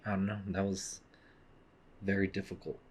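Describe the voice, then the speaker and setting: A young man playing a video game and commenting casually, swinging from frantic yelling to quiet muttering and reading the game's lines aloud. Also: sits low, completely flat delivery, moderate pace, slight background noise. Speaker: let's play gamer.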